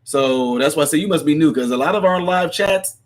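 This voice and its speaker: Talking a little fast in a slightly high voice, a man runs a casual livestream. He reads viewer comments aloud and responds with rambling chatter, laughing often.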